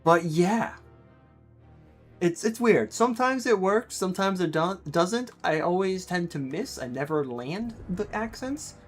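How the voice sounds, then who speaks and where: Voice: medium pitch, expressive, measured pace, soft background music. A speaker from the United States, rambling in casual chat while streaming a game and laughing often.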